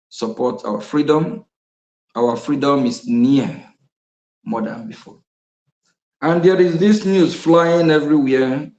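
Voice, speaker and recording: A man's voice: medium pitch, gravelly, a little mellow, reverberant, lo-fi sound. A man giving an impassioned political speech, repeating his points with bursts of laughter. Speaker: activist speaker.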